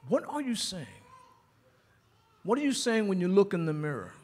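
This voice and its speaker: Husky New pastor preaching. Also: male voice, sits high, big pitch swings, moderate pace. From New York. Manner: repetitive rhetorical questions, conversational preaching. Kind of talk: sermon.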